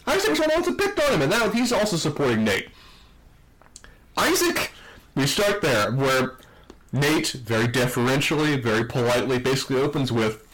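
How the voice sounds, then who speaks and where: A man's voice: a little high, big pitch swings, fast talker, fairly bright tone, poor audio. A man co-hosting a casual TV review podcast, his slightly raised voice carrying real enthusiasm. He recaps scenes eagerly and reads out lines from the show as he goes. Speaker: podcast co-host. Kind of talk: casual review chat, reading quotes aloud.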